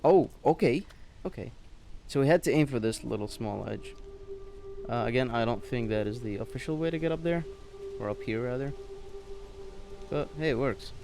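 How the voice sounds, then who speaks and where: Guy doing a let's play, gravelly voice, chatty, quiet game music behind. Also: medium pitch, expressive, normal speed, pauses often. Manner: chatty, reads in-game text aloud. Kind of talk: casual gameplay commentary.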